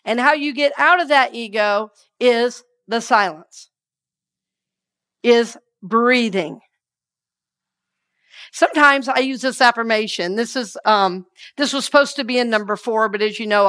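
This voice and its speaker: In a clean, slightly high voice and a measured pace, a woman minister moves through her sermon, hushed as she reads scripture, then lively as she trades call-and-response affirmations with her congregation.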